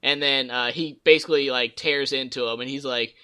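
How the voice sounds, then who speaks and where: Bright-voiced man rambling about games. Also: mid-range voice, fairly even intonation, brisk, smooth. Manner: rambling storyteller, acts out game characters' lines. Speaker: podcast host. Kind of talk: casual gaming chat.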